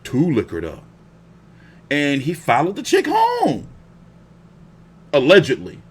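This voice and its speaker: A man's voice: fairly high pitch, takes it slowly, husky. A young man hosting a boxing live stream, telling stories in casual, profane slang. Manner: profane, animated storytelling with slang.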